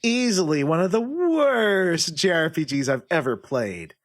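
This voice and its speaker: A man's voice: a little high, a little slow. A man hosting a casual podcast game, reading user reviews aloud and humming while he looks up the next one. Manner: animated, reads reviews in a lively sing-song way, hums while searching. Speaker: podcast host running a guessing game.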